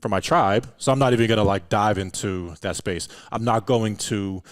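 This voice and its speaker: A man talking in a relaxed, casual way as a podcast guest, filling his speech with "like" and "you know". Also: on the low side, normal speed, no room sound. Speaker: podcast guest, meditation and breathwork practitioner. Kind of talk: casual chat.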